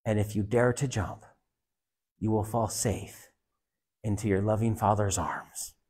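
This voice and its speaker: A man's voice: on the low side, a little slow, slightly rough. A man preaching a sermon, telling a story and leading a prayer in an earnest, repetitive way. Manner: earnest, repetitive, softening to hushed.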